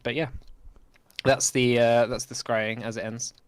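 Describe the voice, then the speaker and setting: A man's voice: medium pitch, little pitch movement, measured pace, clear, resonant tone, no room sound. A man running a tabletop game as game master, narrating hesitantly with many fillers. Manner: hesitant, many ums and likes.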